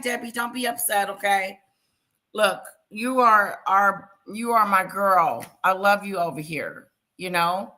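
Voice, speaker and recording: A woman hosting a casual live stream, talking loudly and chatting with her viewers by name. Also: mid-range voice, poor audio. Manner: loud, talks to chat viewers by name.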